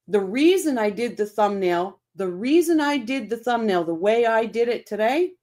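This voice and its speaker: Slow-talking blunt, profane woman. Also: fairly high pitch. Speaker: true crime livestream host. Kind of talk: casual livestream chat, reading comments.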